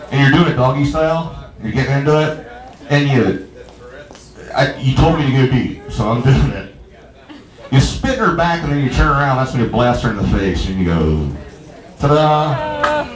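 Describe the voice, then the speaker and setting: A man doing a stand-up comedy set in a small bar, telling rambling, stammering stories and bantering with the crowd. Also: on the high side. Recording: echoey bar room.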